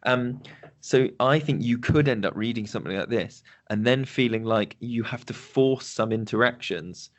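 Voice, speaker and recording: Man co-host, thoughtful and halting, mid-pitched, casual tone. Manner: reflective, halting. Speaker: podcast co-host. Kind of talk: casual chat.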